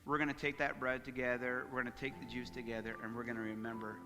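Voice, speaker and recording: A man preaching a sermon as pastor, telling stories with animated swings from loud to hushed. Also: mid-range voice, quick pace, long reverb tail, over loud music. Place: church sanctuary.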